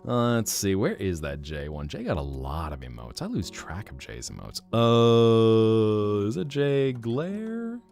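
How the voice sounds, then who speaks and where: A man's voice: very deep voice, vocal fry, soft background music. A man chatting casually on a live stream, gushing and laughing easily. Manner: animated, chatty, quick to gush and laugh.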